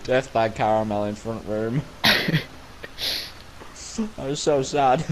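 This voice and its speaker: A man's voice: medium pitch, slow, darkish tone, slight background noise, natural voice, poor audio. A man doing a witch-like whispered role-play voice, parodying ASMR. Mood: mock dramatic. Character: croaky old witch-like ASMR eater, male.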